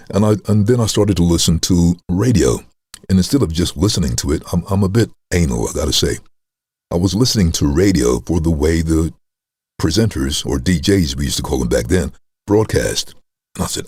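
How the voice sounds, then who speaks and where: Very deep-voiced animated storyteller man. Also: moderate pace, slightly rough, no room sound. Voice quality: very deep resonant chest voice. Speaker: voice-over artist guest. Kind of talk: casual interview storytelling.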